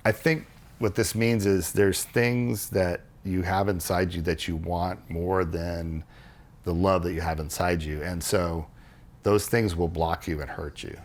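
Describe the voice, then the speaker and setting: A man on a podcast, explaining ideas earnestly in casual conversation and acting out quoted dialogue as he goes. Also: unhurried. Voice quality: low gravelly voice, husky. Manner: earnest, animated storytelling with restarts and quoted dialogue. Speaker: podcast co-host explaining religious history.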